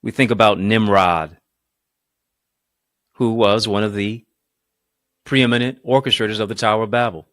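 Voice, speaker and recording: A male motivational speaker gives a rhythmic, emphatic, preaching-style speech full of repetition, swinging between booming and hushed lines and calling his live viewers family. His tone is steady at a normal speed with long pauses, in clean studio-quality audio with no echo.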